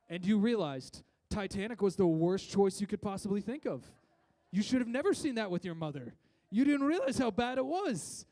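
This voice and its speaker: A man preaching a sermon in a conversational way, with many restarts and voiced asides, rising and falling in loudness for emphasis. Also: high-pitched. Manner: rises and drops in loudness for emphasis. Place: church.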